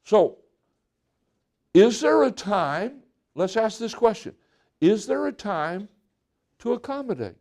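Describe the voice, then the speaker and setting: A man's voice: high-pitched, sing-song, slow pace, vocal fry, pauses often, a little mellow. A pastor preaching a conversational sermon to his congregation, acting out little exchanges between couples. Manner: conversational preaching with acted-out quotes.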